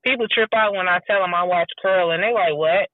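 A woman chatting casually and telling animated stories, acting out the people she quotes and swearing freely. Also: fairly low pitch, a little fast, no room sound. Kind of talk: casual chat. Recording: tinny phone-like sound, dry.

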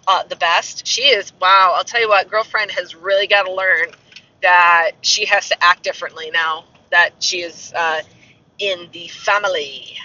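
Chatty man, bright high voice. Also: fairly even intonation, a little slow. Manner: rambling, chatty, self-mocking asides. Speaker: castle tour guide. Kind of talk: casual vlog chat. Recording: muffled, slightly distant mic.

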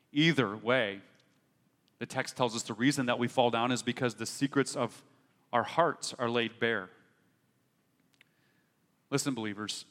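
A man preaching a sermon, telling stories and building to emphatic, animated peaks. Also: mid-range voice, big-room sound. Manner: storytelling, rising to emphatic peaks. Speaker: pastor.

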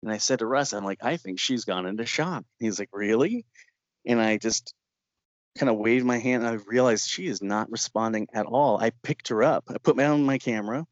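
A man's voice: mid-range voice, brisk, dry recording. A man tells a story in an interview, laughing as he goes and slipping into other people's voices. The recording is muffled and lo-fi, with a dry, close sound. He talks like a filmmaker recounting a shoot. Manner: lively storyteller who laughs often and acts out quotes. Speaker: documentary filmmaker. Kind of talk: interview anecdote. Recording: dull, lo-fi sound.

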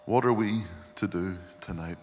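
A man's voice: fairly low pitch, moderate pace, a little mellow. A male pastor giving an earnest, reflective sermon and often quoting scripture. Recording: long hall reverb, faint hum.

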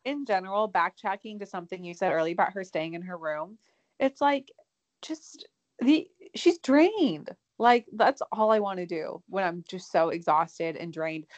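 A woman's voice: on the low side, animated, moderate pace. A young woman co-hosting a podcast, chatting casually and sympathetically about a reality show, with some swearing. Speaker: podcast co-host.

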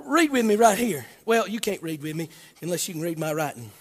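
High-voiced shouting preacher. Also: male voice, animated, brisk, slightly rough, in a large hall. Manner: swings from hushed talk to shouted, chanting preaching. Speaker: Baptist preacher. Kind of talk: sermon.

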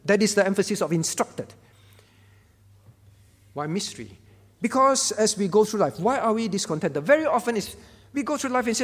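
High-voiced pastor preaching in a hall. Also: male voice, lively intonation, normal speed, long pauses. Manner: emphatic, repeats key words, rhetorical questions. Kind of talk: sermon.

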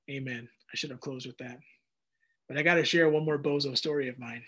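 A man's voice: mid-range voice, fairly quick, husky. A man preaching a sermon, telling personal stories animatedly and acting out his own dialogue. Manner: animated storyteller, acts out dialogue in raised voice. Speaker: pastor.

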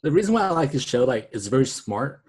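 A man's voice: medium pitch, big pitch swings, fast talker, darkish tone, husky. A man co-hosting a podcast, laid-back and chatty, laughing often and filling his talk with "like". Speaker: podcast co-host. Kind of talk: casual podcast chat.

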